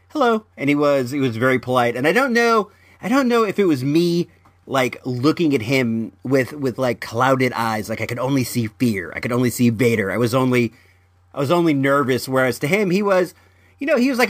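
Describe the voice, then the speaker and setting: A man's voice: medium pitch, fairly bright tone, dry recording. A man hosting a podcast, telling stories in a casual, rambling way. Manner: rambling anecdotal storytelling. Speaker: podcast host.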